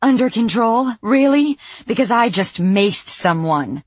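A woman voicing a frantic middle-aged woman who scolds in a shrill, breathless way. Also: very animated, slow pace, fairly bright tone, breathy edge, dry recording, exaggerated voice.

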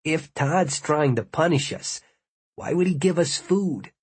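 A man's voice: fairly high pitch, measured pace, husky, dry recording. A man voicing a plain-spoken, worried young man who asks hesitant questions.

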